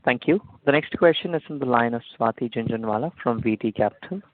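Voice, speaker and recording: A man's voice: mid-range voice, quick pace, no echo. A man moderating a conference call, polite and formulaic. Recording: dry tinny phone line.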